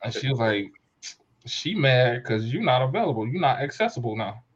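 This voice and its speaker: A man's voice: mid-range voice, big pitch swings, moderate pace, breathy edge. A man in his thirties telling a rambling, slangy story in casual chat, often correcting himself. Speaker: podcast co-host telling a story. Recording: dull lo-fi recording.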